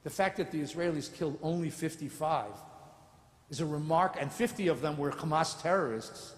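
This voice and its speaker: Animated rabbi in an echoey sanctuary. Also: male voice, on the high side. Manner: animated, sardonic storytelling with mock voices. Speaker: rabbi giving a lecture. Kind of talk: lecture with humor. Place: large synagogue sanctuary. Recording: echoey sanctuary with long reverb.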